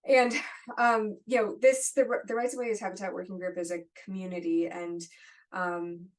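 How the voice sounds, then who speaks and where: A woman's voice: medium pitch, steady tone, moderate pace. A woman moderating an online webinar, answering audience questions in a friendly conversational way over a video call. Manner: conversational, friendly, apologetic asides. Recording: distant mic.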